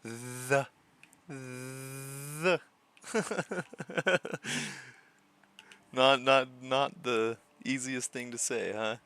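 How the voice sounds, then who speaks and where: A man's voice: mid-range voice, animated, very slow, gravelly, pauses often, bright, forceful tone. A man streaming live, chatting casually with his viewers, chuckling often and repeating words as he answers them.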